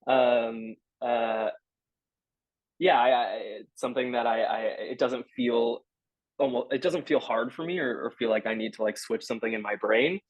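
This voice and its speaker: A young man answers interview questions in an earnest, halting way, often stopping to search for the right words. His voice sits in a middle register. The sound is dry and close, with no room echo. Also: medium pitch, dull audio. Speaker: stage actor guest.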